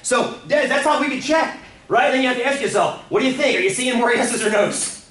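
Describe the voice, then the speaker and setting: A man teaching statistics in a classroom, telling stories in an animated way and often laughing. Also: very high-pitched, a little fast. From Delaware. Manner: animated storytelling, acts out voices, laughs often. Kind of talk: classroom lecture. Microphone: far room mic. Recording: echoey room from far off.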